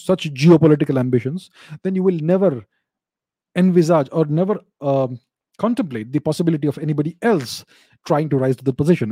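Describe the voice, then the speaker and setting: A man answering viewer questions in an unscripted explanatory talk, measured, often repeating and restarting phrases. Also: on the high side, mellow, breathy edge, no echo.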